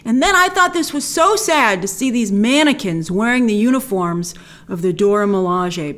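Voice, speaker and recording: A woman hosting a show, giving a casual, excited, chatty breakdown and review of an episode, often quoting characters in little voices. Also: mid-range voice. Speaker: show host.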